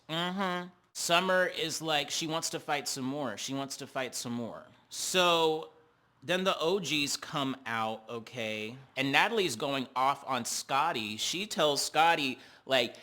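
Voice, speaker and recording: A man hosting a reality TV recap, talking in a sassy, animated, slangy way. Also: on the high side, slow pace. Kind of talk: casual commentary.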